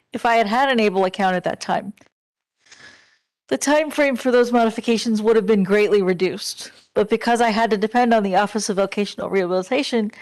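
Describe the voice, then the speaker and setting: A woman giving earnest, direct testimony as a disability advocate at a public hearing. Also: mid-range voice. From Pennsylvania.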